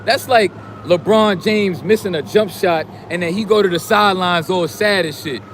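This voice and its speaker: A man giving a casual, profane motivational rant in street slang, preaching and sometimes shouting. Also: sits high, moderate pace, a little hiss or hum. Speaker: streamer giving motivational talk.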